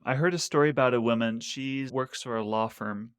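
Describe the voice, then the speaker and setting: A man's voice: medium pitch, a little fast, clean tone, no room sound, clean studio sound. Attentive male podcast host. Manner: attentive, encouraging, frequent backchannel. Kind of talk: casual interview.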